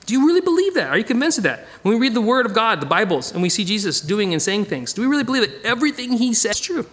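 A man teaching a casual Bible study, animated and digressive, chuckling as he goes. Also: sits high, very fast.

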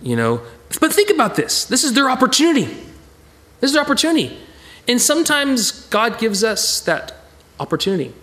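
A man teaching a Bible study in an animated way, acting out the people in the story and often stammering and repeating words. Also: extremely high pitch, fairly quick.

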